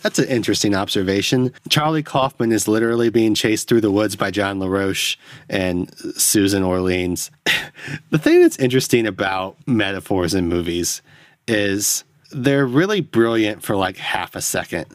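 A man's voice: lowish voice, expressive, normal speed, no room sound. A tipsy man hosting a solo film-review podcast, rambling and self-deprecating, alone at home at night into a close microphone. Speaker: podcast host. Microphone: studio mic close up.

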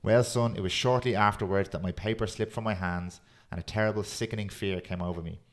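A man hosting a podcast, chatting casually and reading a poem aloud in a steady, earnest way. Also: on the low side, fairly quick. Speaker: podcast host.

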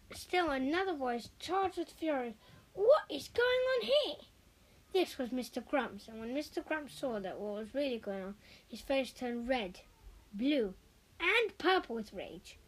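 A woman reading a children's picture book aloud, expressive, with occasional slips. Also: high-pitched, measured pace, poor audio. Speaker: storyteller. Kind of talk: children's story read aloud.

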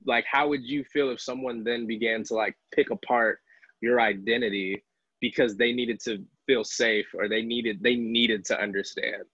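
A man hosting a casual panel discussion, talking in a loose, conversational way with lots of filler words and quick laughs. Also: medium pitch, fairly even intonation, a bit bright, slightly rough, dry recording, lo-fi sound. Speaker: host.

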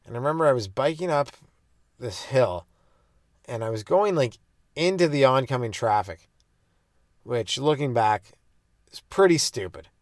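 A man's voice: mid-range voice, animated, moderate pace, long pauses, no room sound, clean studio sound. A young man who is a stand-up comedian telling rambling, profane childhood stories on his own podcast. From Canada. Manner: loose and profane, hopping between goofy bits and stories. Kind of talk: rambling solo podcast storytelling.

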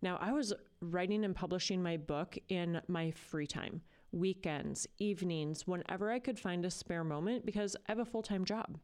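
A woman's voice: fairly low pitch, normal speed, few pauses, darkish tone. A woman hosting a podcast, talking in a casual, earnest and chatty way. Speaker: podcast host. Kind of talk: casual solo podcast talk.

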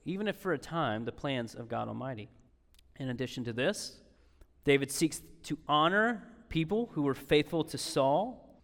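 A man's voice: on the high side, fairly bright tone, in a large hall. A man preaching a sermon as pastor, conversational and emphatic, repeating key phrases and slipping in sarcastic asides.

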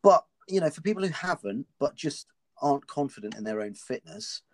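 A man's voice: mid-range voice, lively intonation, brisk, a little hiss or hum. A man from the United Kingdom hosting a podcast, politely asking his guest questions with many um's. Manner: polite, frequent affirming "yeah". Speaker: podcast host. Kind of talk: interviewing a guest.

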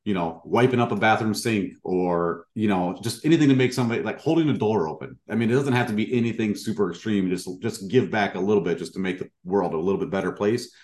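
A man with a low voice talks earnestly and a bit ramblingly, leaning on plenty of fillers as he hosts a casual interview. His voice rings with roomy echo. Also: quick pace, few pauses, a little mellow.

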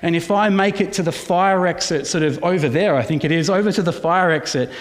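A man preaching a sermon as pastor, lively with rhetorical questions and sometimes dropping his voice to a hush. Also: fairly high pitch, fairly quick. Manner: animated preaching with rhetorical questions, soft at times. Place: church hall. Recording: long reverb of a church hall.

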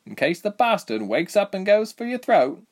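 A man voicing Reshma, a gruff and irritable young woman fighter who snaps sourly at her companion. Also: sits high, very animated, normal speed, pitched above the performer's own voice. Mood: exasperated. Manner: sharp and sour, snapping.

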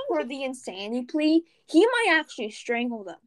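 A woman's voice: high-pitched, wildly swooping pitch, normal speed, poor audio. A teenage girl co-hosting a casual podcast, rambling with lots of fillers and laughs. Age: teens. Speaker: podcast co-host. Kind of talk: casual chat.

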